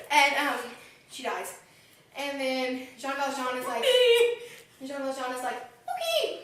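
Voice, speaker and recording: A woman giving a casual, animated plot recap and acting out the characters' lines. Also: high-pitched. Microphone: phone. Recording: echoey room, far from phone mic.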